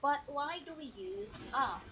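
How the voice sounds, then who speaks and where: A woman teaching an English grammar lesson on a livestream, explaining slowly and checking in with the viewers. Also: sits high, expressive, heavy background noise. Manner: slow, explanatory, checks in with "okay?".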